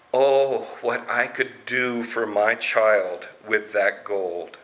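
A man doing a desperate poor mother, hushed. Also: medium pitch. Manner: hushed, wondering and pleading.

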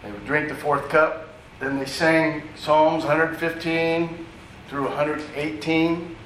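A man's voice: fairly high pitch, fairly even intonation, slow, a bit bright, a little hiss or hum. A man preaching a sermon in a conversational, teaching way, with asides to the congregation. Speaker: pastor. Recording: echoey room, distant mic, faint ambience.

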